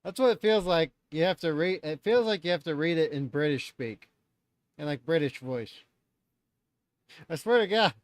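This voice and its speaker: A man's voice: fairly high pitch, lively intonation, moderate pace, pauses often, dry recording. A man hosting a live stream, reacting in loose, chatty talk and swearing freely.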